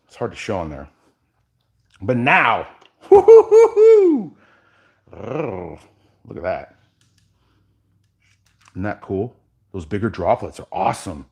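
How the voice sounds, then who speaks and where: Lively-voiced man hosting a live epoxy demo. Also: on the low side. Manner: casual, chatty, addresses viewers directly, drifts quiet while working. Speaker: epoxy artist and workshop host. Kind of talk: live how-to demo with viewer chat.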